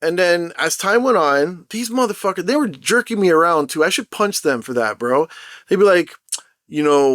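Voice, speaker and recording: A young man ranting in an unscripted vlog, telling his story in a rambling, animated and profane way. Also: high-pitched, moderate pace, no room sound, clean studio sound. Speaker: mobile game content creator.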